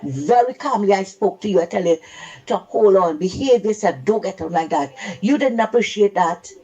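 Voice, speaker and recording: A woman's voice: medium pitch, lively intonation, moderate pace, warm tone, muffled recording. A woman calling in to a radio talk show, speaking indignantly and emphatically and repeating her points. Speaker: radio caller.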